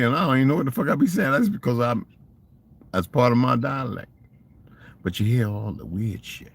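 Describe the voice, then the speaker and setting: A man's voice: mid-range voice, animated, fairly quick, vocal fry, pauses often, husky. An older man telling rambling, profane stories in a casual monologue and asking rhetorical questions. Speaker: vlogger.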